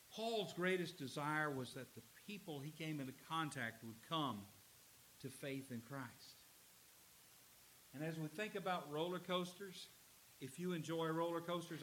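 A man preaching a sermon, earnest, slowing down to stress key lines. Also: a little high, lively intonation, bright, forceful tone, low-quality recording. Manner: earnest preaching, slows for emphasis. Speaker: pastor.

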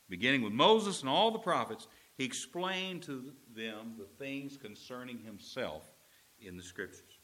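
A man's voice: mid-range voice, pushed and bright. A man preaching a sermon in an earnest, emphatic manner, stretching out key phrases.

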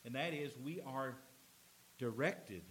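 A man's voice: mid-range voice, takes it slowly, slight background noise. A male pastor preaching a sermon in a church, speaking emphatically and acting out scenes as he goes. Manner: expressive, emphatic, dramatizes scenes. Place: church with a slide screen.

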